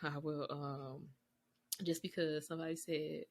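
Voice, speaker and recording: A woman's voice: low voice, a little slow. A woman co-hosting a faith podcast, chatting casually and laughing often. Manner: lively, laughing, Southern US slang. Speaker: podcast co-host. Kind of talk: casual chat.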